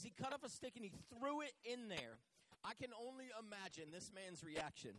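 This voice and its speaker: High, bright-voiced animated preacher man. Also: moderate pace. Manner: animated storytelling, acts out biblical figures in casual voices. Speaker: pastor. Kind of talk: sermon. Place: church.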